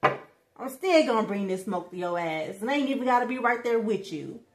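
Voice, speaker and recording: With a slightly high, expressive voice at a moderate pace, a woman reads tarot casually for her audience. She speaks directly in slang, swears a lot and bluntly emphasizes things, laughing in sudden bursts.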